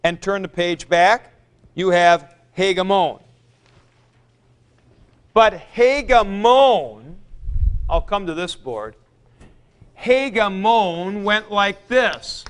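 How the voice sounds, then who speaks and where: A Greek teacher with a fairly high, smooth, clear voice delivers an expressive lecture in a classroom with a board. He moves slowly and patiently through each point step by step, saying forms aloud as he goes.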